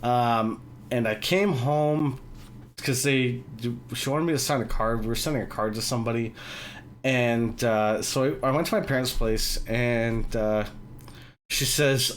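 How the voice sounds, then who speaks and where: A man's voice: mid-range voice, a little slow, slight background noise. A man with a British accent hosting a casual online chat and telling long rambling stories full of fillers and swearing. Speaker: host.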